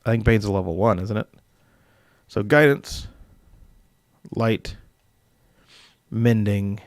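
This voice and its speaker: A man's voice: on the low side, slow, no echo, studio quality. A young man casually hosting a live stream as dungeon master, rambling with filler words and chuckling as he reads viewer comments.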